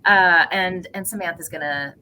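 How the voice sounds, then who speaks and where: A woman's voice: on the low side, normal speed, background noise. A woman on policy staff giving an upbeat, folksy update, hesitating with fillers. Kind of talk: casual online update talk.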